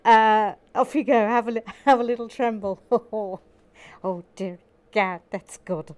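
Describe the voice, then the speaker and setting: A woman's voice: mid-range voice, steady tone, takes it slowly, darkish tone. A woman hosting a casual building vlog, chatty and self-deprecating, with frequent stammers. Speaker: host.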